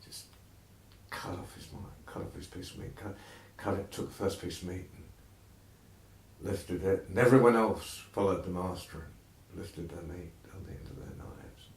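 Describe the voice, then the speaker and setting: A male storyteller telling a folk tale in an animated, conversational way, with asides to the listeners. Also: deep voice, a little slow, a little hiss or hum. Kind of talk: oral folktale telling. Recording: roomy echo.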